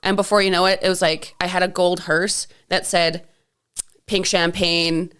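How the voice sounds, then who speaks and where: A Canadian woman co-hosts a podcast in a lowish, smooth, slightly bright voice, flat in delivery and moderate in pace. Chatty and casual, she tells stories and often acts out what other people said.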